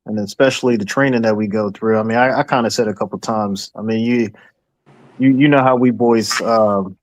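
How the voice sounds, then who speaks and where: A man's voice: fairly low pitch, fairly quick, no echo. D.c. guy on a podcast, cussing a lot, acting out quotes, dry close sound. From Washington, D.C., USA. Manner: profane, animated storyteller who acts out quotes. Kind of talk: casual podcast chat.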